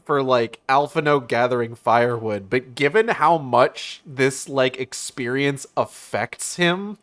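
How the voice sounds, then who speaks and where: Excitable man streaming a game. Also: medium pitch, unhurried. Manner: excitable, swears casually. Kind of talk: let's-play commentary.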